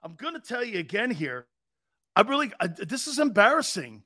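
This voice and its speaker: A man's voice: high-pitched, sing-song, moderate pace, sharp tone, no room sound, studio quality. A man hosting a sports talk show, ranting in a brash, mocking way with profanity.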